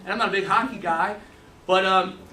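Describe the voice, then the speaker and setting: A middle-aged man leads a sales training session and talks fast in stories, often restarting his sentences. His voice sits high and sounds bright and forceful. He is picked up from some distance in an echoey room. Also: a little hiss or hum. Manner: fast storytelling with lots of restarts. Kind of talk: motivational training talk.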